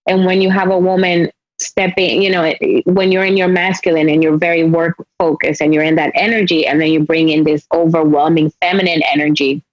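A woman's voice: deep voice, level tone, brisk, hardly any pauses, no echo, dull audio. A woman with a Spanish accent hosting a podcast, speaking in earnest, reflective runs in casual interview chat. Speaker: podcast host.

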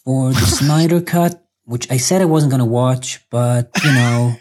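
Brief: woman playing a sarcastic caller, fake American accent, deep, faint line noise. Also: a little slow, darkish tone. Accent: put-on American. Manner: sarcastic, repetitive grumbling. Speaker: voicemail caller.

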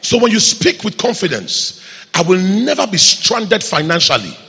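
A man's voice: high voice, very animated, normal speed, bright, forceful tone, slightly rough. A man, preaching a sermon with emphatic call-and-response questions to the congregation. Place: church hall. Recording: echoey church hall reverb.

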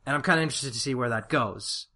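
A man co-hosting a casual review chat, animated and often laughing. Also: medium pitch, fast talker. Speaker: podcast co-host.

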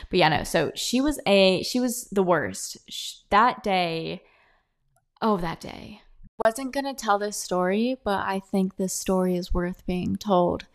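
A young woman hosting her own podcast, telling a work story in a chatty, animated way and acting out what others said. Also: mid-range voice, a little slow, vocal fry. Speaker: podcast host. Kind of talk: casual storytelling monologue. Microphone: own podcast mic, close.

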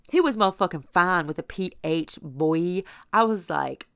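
A woman's voice: on the low side, big pitch swings, a little slow, no echo, clean studio sound. A young woman casually telling a personal story in a blunt, profane, rambling way, full of fillers.

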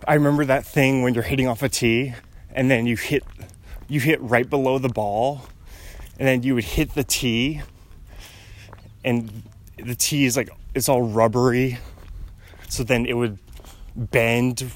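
Slow-talking man musing on a walk. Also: mid-range voice. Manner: wandering, musing, chuckles often. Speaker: vlogger. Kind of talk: casual rambling monologue. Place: outdoors on a residential street, walking.

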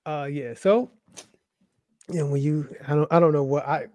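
A man's voice: fairly high pitch, steady tone, moderate pace, warm tone, no echo. A man co-hosting a casual show, telling stories about church videos in an amused way and laughing often. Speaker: co-host.

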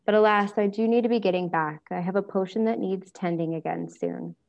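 A woman's voice: mid-range voice, brisk, creaky, a little mellow, lo-fi sound, natural voice. A woman voicing a brooding, sardonic older male wizard who drawls his lines dryly. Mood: wry. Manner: dry, drawling.

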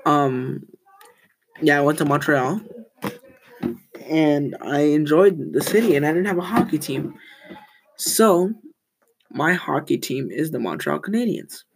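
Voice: medium pitch, unhurried, pauses often, a little hiss or hum, rough recording. A teenage student hosting a casual school podcast, rambling, often correcting themselves and telling corny jokes.

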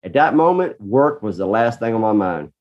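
A man's voice: on the low side, big pitch swings, moderate pace, lo-fi sound. Earnest man telling a parenting story. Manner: earnest storyteller, reenacts his own shouting. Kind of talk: casual conversation.

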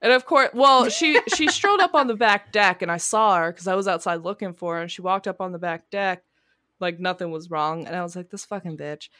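A woman co-hosting a podcast, telling a long story in casual chat, swearing freely and loudly acting out the people she quotes. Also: fairly low pitch, fairly quick, no echo, clean studio sound. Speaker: podcast co-host. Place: home garage studio.

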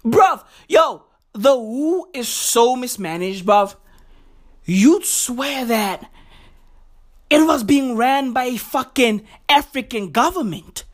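A man delivering a profane comic rant, loaded with slang, who shouts in bursts and swings his pitch up and down wildly. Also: expressive, takes it slowly. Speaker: vlogger. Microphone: home recording setup.

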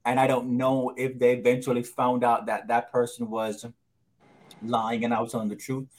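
A man co-hosting a casual podcast chat, speaking in a measured way with frequent fillers and "okay"s. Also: mid-range voice, completely flat delivery, a little mellow. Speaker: co-host.

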